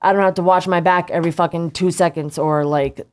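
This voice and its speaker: Woman co-host, casual chat, somewhat low pitch, rambles with constant "like". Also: fairly even intonation, fairly quick, darkish tone, clear, resonant tone. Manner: rambling, fills speech with "like".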